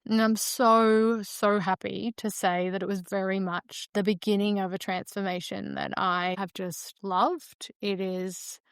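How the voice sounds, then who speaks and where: Woman podcasting solo, smooth clear voice, dry close sound, rambles thoughtfully. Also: medium pitch, little pitch movement, a little slow, few pauses, no room sound. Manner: reflective and meandering, with frequent fillers. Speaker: podcast host.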